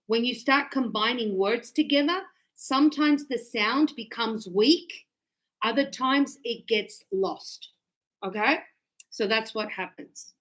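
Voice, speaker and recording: A woman with a fairly high voice teaches a class an English grammar lesson. She's lively and playful, teasing the students and acting out their answers.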